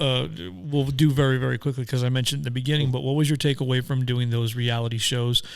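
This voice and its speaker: A man's voice: medium pitch, little pitch movement, quick pace. A man hosting a casual radio talk show, asking his guest enthusiastic, rambling questions. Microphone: studio headphones and mic.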